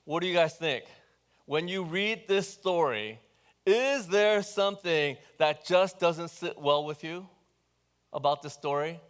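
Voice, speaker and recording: A man's voice: on the high side, animated, unhurried, clean tone. A man preaching a sermon, talking with the congregation in a conversational, questioning way and telling the story with animation. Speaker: pastor.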